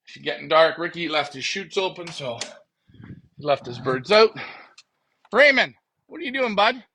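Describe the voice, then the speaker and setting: A man with a high, bright voice hosts a casual pigeon racing live stream, cracking jokes and rambling to his viewers. He talks into a phone he carries while walking out to his backyard loft at night. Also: expressive, moderate pace, slight background noise. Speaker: pigeon racing show host.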